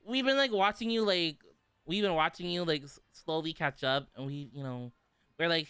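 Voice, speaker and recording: A man's voice: fairly high pitch, normal speed, pushed and bright, smooth, no room sound, faint music behind. A young man from the southern United States with an American accent, chatting casually on a livestream, giggly and full of "like"s. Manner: giggly, chatty, filler-heavy with many "like"s. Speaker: vtuber streamer. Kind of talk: casual livestream chat reading comments.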